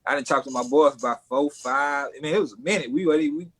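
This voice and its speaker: A man's voice: fairly high pitch, fast talker, a bit bright, slightly rough. A male rap artist speaking as a podcast guest in an earnest, laid-back way, with many fillers. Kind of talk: casual interview chat.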